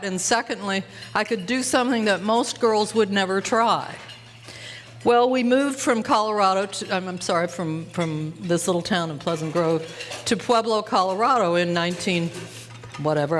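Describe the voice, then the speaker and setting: A woman in her seventies from Utah, telling folksy stories in a keynote speech. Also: medium pitch. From Utah, USA. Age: 70s. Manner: folksy, animated storytelling. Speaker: keynote speaker. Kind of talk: storytelling speech. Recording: live hall with faint clatter.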